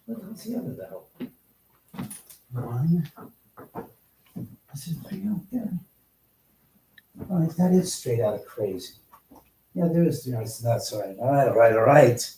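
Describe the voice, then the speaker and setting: A man's voice: mid-range voice, lively intonation, unhurried, pauses often, warm tone, a little hiss or hum. A man hosting a casual livestream from his home, chatting with viewers, exclaiming and swearing freely. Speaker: livestream host. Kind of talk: casual live-stream chat, answering viewers.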